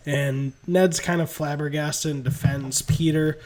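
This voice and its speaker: A male podcast host walking through a movie pitch in animated storytelling, chuckling between beats. His voice sits a bit high for a man. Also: unhurried, hardly any pauses. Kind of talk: casual movie pitch narration.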